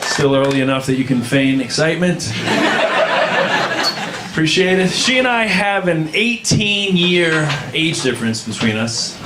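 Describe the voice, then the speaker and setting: A man's voice: a little high, animated, measured pace. Man in his thirties, stand-up, dry asides, very noisy live club recording. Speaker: stand-up comedian. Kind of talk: stand-up set. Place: comedy club stage with audience. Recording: live club recording, loud crowd and noise.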